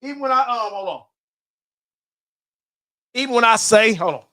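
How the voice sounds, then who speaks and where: A man hosting a live stream, ranting and joking in a loud, profane, laughing way that breaks into shouted bits. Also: extremely high pitch, animated, moderate pace, no echo, studio quality. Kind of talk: loud comedic rant.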